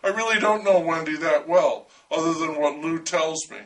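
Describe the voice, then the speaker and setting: A man reads a first-person story aloud with dry, wry humor. His voice sits a little high for a man. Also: normal speed, fairly bright tone, recorded from a distance, low-quality recording.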